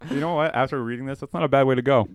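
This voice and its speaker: A man hosting a podcast, reading a dark comedic story aloud with animated quoted voices and laughing at his own jokes. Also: mid-range voice, very fast.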